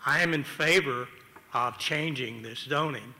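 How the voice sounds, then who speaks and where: A man's voice: medium pitch, unhurried, bright, forceful tone, in a large hall. A man giving chatty, self-deprecating testimony at a city council hearing, arguing a contrarian view. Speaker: public commenter. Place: council chamber.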